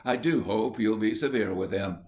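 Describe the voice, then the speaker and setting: A man's voice: on the low side, normal speed, darkish tone, close to an everyday voice. A man voicing a harried middle-aged mother who speaks in a fretful, near-tearful way, in an audiobook reading. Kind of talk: audiobook character voice.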